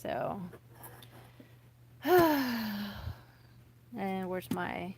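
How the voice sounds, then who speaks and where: Slow-talking chatty woman vlogger. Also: medium pitch, slight background noise. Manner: chatty and excitable, trails off with fillers and restarts. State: nervous. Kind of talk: casual rambling chat to camera.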